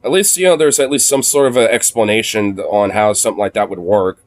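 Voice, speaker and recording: Low-voiced man, casual and sweary. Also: fairly quick, no room sound. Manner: swears freely and laughs often; coos softly in baby talk to his dog. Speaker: streamer. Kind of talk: casual gaming stream chat.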